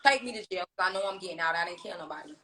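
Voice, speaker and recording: A woman rapper chatting on a livestream, telling stories in a brash, profane, animated way. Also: on the low side, rapid-fire, roomy sound, low-quality recording. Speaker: rapper on tour, guest on a livestream. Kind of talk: casual livestream chat. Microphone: phone.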